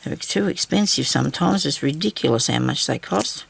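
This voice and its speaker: Gravelly Australian woman, chatty craft vlogger. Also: low-pitched, lively intonation, normal speed, background noise. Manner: rambling, storytelling, chatty. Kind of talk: casual chatty craft vlog.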